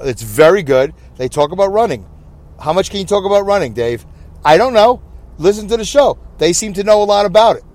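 A man's voice: a little high, a little mellow. A man hosting a podcast, chatting casually and rambling to himself while driving. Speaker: podcast host. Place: inside a moving car. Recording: car interior with road noise.

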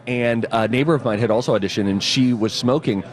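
A male morning radio co-host talks into a studio microphone in easy, casual banter. He tells comic stories in an animated way. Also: mid-range voice, brisk.

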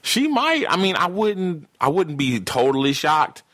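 A man's voice: a little high, measured pace, fairly bright tone. A man from California co-hosting a podcast, chatting loosely and profanely, recapping scenes with playful impressions. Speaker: podcast co-host. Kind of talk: casual chat.

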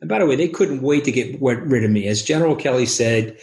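A man, speaking as an interview guest in an emphatic, rapid, over-caffeinated way. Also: mid-range voice, darkish tone, reverberant. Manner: rapid, emphatic, acts out quoted voices. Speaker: podcast guest. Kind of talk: animated interview talk.

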